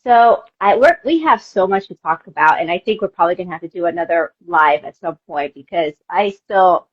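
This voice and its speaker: A woman's voice: lowish voice, lively intonation, fairly quick, breathy edge, lo-fi sound. A woman hosting a live online interview, reading viewers' questions in an emotionally responsive way. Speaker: host.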